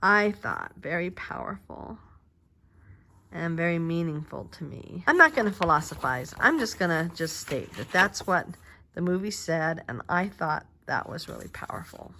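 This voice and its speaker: Speaking at normal speed in a fairly low, lively voice, with a little hiss or hum behind her, an older crafting vlogger talks as she works at home. The quiet craft-room chat meanders with fillers and restarts, her soft voice sinking to murmurs at times.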